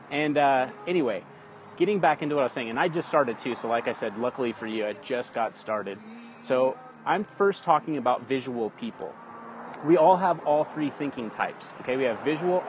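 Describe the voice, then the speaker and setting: A man's voice: mid-range voice, noisy background. A man hosting a casual live-streamed lesson from his phone outdoors. He talks in a chatty way, keeps checking in with "okay?" and greets viewers mid-talk. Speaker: livestream host teaching communication basics. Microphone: phone livestream.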